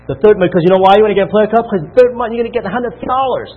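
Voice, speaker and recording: Husky, fairly high male speaker firing questions at a sales crowd, tinny phone-like audio. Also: very fast. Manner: peppers the room with questions; counts out loud. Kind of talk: motivational talk to an audience.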